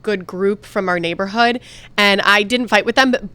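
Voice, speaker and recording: A woman's voice: mid-range voice, normal speed, bright, forceful tone, clean tone, no room sound. A middle-aged woman from the Philadelphia area co-hosting a TV advice show, talking casually and often restarting her sentences. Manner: chatty, restarts often when making a point.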